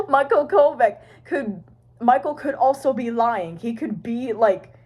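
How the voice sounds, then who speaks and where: A woman's voice: on the high side, animated, slow, darkish tone, breathy edge. A woman vlogger talking to her phone camera in a rambling, casual way, swearing and trailing off. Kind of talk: rambling casual fan chat.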